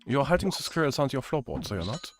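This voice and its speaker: A man's voice: medium pitch, sing-song, quick pace, music in the background. A man hosting a gaming stream, chatting casually in a musing, hesitant way with plenty of fillers. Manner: musing, hesitant, thinks aloud with many fillers. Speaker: streamer host. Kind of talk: casual chat while gaming.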